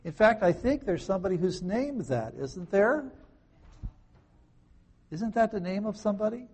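A man giving conversational Bible teaching, firing rhetorical questions at listeners with wry, sarcastic asides and swinging between soft and loud delivery. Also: high-pitched, lively intonation, moderate pace, breathy edge. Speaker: pastor.

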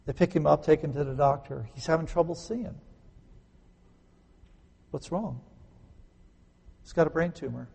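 A man preaching a sermon, emphatic, swinging between loud stresses and quiet conversational asides. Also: fairly high pitch, unhurried, vocal fry, long pauses, breathy edge. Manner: conversational, explains grammar with homely examples. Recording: echoey hall.

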